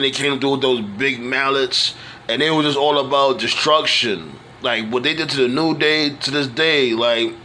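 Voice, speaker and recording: Bright-voiced man rambling casually. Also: mid-range voice, a little hiss or hum. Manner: rambling, loose speech with many fillers and restarts. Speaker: wrestling fan vlogger. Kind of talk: casual monologue tribute.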